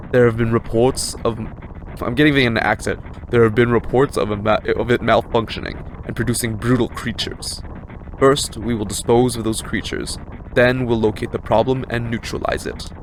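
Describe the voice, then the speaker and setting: A man reading the lines of a cold, calm elite swordsman aloud from a video game, in an even voice with a slight put-on accent. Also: mid-range voice, normal speed, slight background noise, lightly acted. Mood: calm, commanding.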